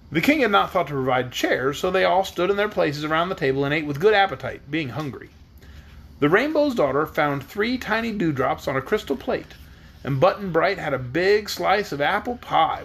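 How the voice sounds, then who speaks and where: A man's voice: high voice, a bit bright, breathy edge. A man reading a storybook aloud at bedtime, acting out the characters with expression. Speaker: reader.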